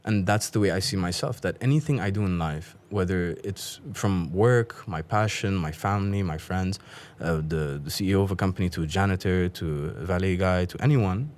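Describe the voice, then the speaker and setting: A podcast guest tells a story in a lively, casual way, slipping into the voices of its characters. He is a man with a very deep, low voice. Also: brisk, few pauses. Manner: animated storyteller, acts out voices.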